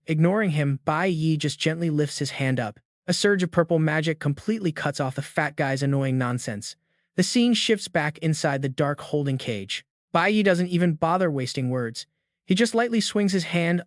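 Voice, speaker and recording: A man's voice: fairly high pitch, no room sound, studio quality. A man narrating a comic recap in a dramatic, emphatic storytelling manner.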